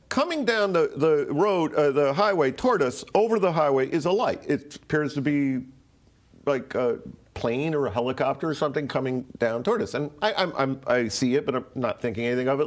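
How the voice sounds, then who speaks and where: A man's voice: a little high, expressive, moderate pace. Man rambling through a casual story. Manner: rambling, profane, full of fillers and restarts. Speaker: interview guest.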